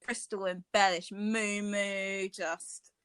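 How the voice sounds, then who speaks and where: A woman's voice: mid-range voice, level tone, slow, a bit bright, clear, resonant tone, no room sound. A woman co-hosting a podcast in casual chat, gushing and theatrical, with gasps and cackles. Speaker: podcast co-host.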